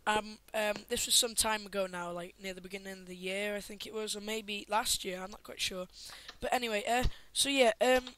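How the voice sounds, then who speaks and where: A man's voice: high voice, fairly even intonation, fairly quick, few pauses, bright, forceful tone, clean tone, rough recording. A teenage boy, chatting and telling a story in a jokey manner with lots of laughter. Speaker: podcast co-host. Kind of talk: casual storytelling.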